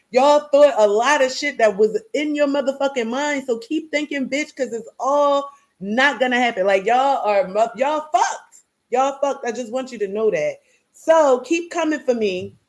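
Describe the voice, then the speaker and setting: A woman's voice: a little high, normal speed. A grieving mother talking straight to camera in a heated, blunt, profane rant, often repeating herself.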